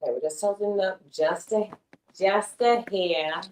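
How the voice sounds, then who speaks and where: A woman's voice: medium pitch, unhurried, darkish tone, slight background noise. A young woman live-streaming from home, chatting casually and playfully, often slipping into baby talk for her cats.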